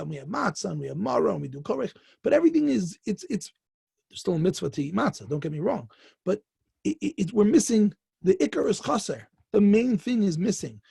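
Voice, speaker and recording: A man's voice: high voice, creaky, a little mellow, husky, no room sound, studio quality. A man, a rabbi, giving a Torah lesson, telling the story and building to fervent emphasis.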